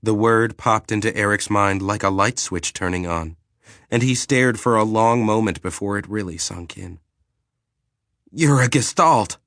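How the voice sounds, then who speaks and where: Deep-voiced guy reading a sci-fi audiobook, steady, dry close sound. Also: no echo. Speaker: audiobook narrator. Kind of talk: scripted narration.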